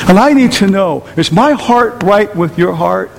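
A man's voice: sits high, expressive, unhurried, gravelly, hardly any pauses. A man preaching a sermon as pastor, emphatic and firing questions at the congregation. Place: church hall. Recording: reverberant hall with faint noise.

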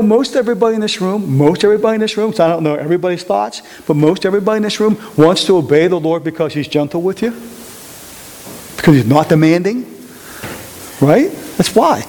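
A man with a notably high voice leads a Bible study. He preaches in an animated way, tossing questions to the group and repeating his points. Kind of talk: interactive sermon.

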